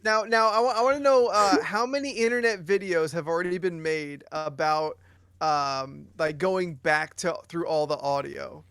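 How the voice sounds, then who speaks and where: A fairly high-voiced man co-hosting a casual podcast, dropping dry quips. His mic sound is very dry, with no room echo. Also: steady tone, moderate pace, a bit bright, clean tone. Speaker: podcast co-host. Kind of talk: casual chat.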